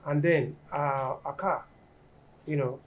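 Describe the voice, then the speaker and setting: A woman's voice: low-pitched, steady tone, slow. A woman, telling a personal story in a casual podcast chat.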